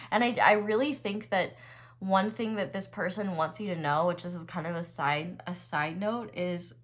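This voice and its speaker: A young tarot reader with a lowish voice gives her viewers a casual reading. She chats along with plenty of fillers and breaks into excited bursts as she turns the cards.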